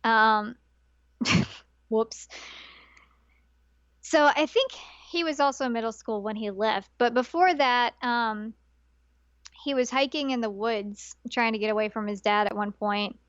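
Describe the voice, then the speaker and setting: Woman retelling a story, lively and dry. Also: fairly high pitch, a little slow, long pauses, dry recording, dull audio. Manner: animated storytelling, often quoting characters. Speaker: podcast co-host. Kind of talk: casual podcast chat.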